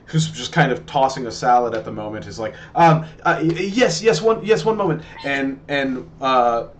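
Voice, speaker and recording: A man's voice: medium pitch, lively intonation, a little hiss or hum. Man narrating as game master. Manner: halting, many fillers and restarts.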